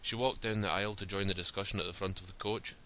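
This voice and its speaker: A man narrating a story in a steady, plain reading style. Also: sits low, quick pace.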